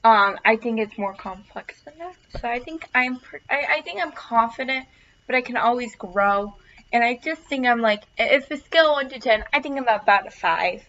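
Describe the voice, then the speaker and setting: A woman's voice: a little high, moderate pace, a bit bright, dull audio. A young adult woman, a college student, giving an earnest self-recorded class introduction and repeating words for emphasis.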